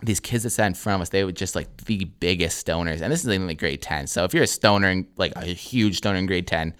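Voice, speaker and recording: A man's voice: low-pitched, fast, a bit bright, smooth. Laid-back man telling a story. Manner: laid-back, heavy swearing, lots of "like". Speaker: podcast co-host. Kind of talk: casual comedic storytelling.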